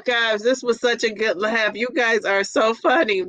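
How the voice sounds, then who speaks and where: A woman's voice: a little high, fairly even intonation, a little slow, fairly bright tone, no echo, poor audio. A woman hosting a casual livestream, reading viewer comments aloud and laughing often between them. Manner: laughs often, giggly exclamations. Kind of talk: casual live chat.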